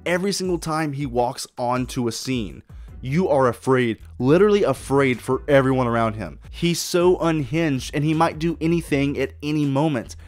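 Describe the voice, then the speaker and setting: A man's voice: mid-range voice, moderate pace, a little mellow, no room sound. A man hosting a solo podcast, talking casually and enthusiastically with lots of swearing and restarts. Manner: enthusiastic, profane, rambling with restarts. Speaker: podcast host.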